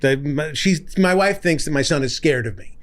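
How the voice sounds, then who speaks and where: A man's voice: fairly high pitch, moderate pace. Chatty male podcast host. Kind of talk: casual podcast interview.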